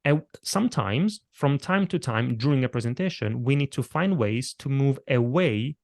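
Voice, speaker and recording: A middle-aged presentation coach speaks at a medium pitch and moderate pace, sounding animated, creaky and a little mellow. In a conversational podcast interview, he explains delivery techniques and demonstrates vocal tricks as he goes.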